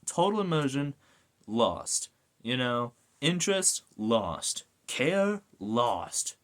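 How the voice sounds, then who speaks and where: Animated, swearing man ranting. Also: medium pitch, takes it slowly. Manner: animated, swears a lot, goes off on rants. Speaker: video reviewer. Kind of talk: casual ranting review.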